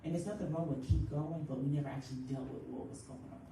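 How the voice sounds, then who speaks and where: A woman's voice: low-pitched, a little hiss or hum. Echoey far-off woman counselor. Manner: lively, acts out quick everyday quotes, laughs often. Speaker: grief counselor leading a workshop. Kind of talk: church workshop talk. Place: church hall.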